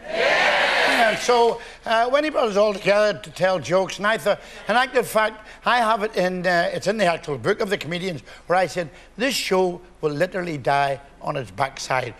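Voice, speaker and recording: A man's voice: sits high, animated, moderate pace, a bit bright, a little hiss or hum. A man in his eighties, a comedian guest on a chat show, telling jokes with a chuckle. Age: 80s. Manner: jokey storyteller, chuckling. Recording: studio audience behind.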